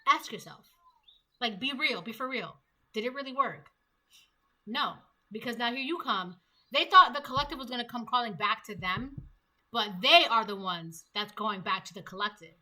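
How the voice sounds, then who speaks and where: Bright, chatty woman reading tarot. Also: on the high side, animated, moderate pace. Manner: chatty, acts out quoted voices, laughs at own jokes. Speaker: tarot reader. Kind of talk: casual tarot reading monologue.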